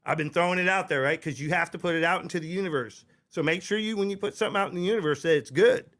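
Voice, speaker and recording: A middle-aged man hosts a live internet show in a loose, rambling way, restarting sentences and tagging lines with "right?". His voice sits a little high for a man and comes through a desk mic. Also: very fast, a bit bright. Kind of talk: casual live-stream chat. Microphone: desk microphone.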